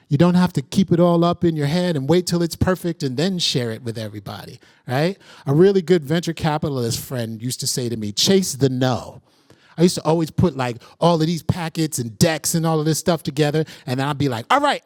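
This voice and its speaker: A man's voice: a little high, a little mellow, no echo, clean studio sound. A man facilitating an interactive workshop, energetically calling on the audience and checking in with "right?" as he goes.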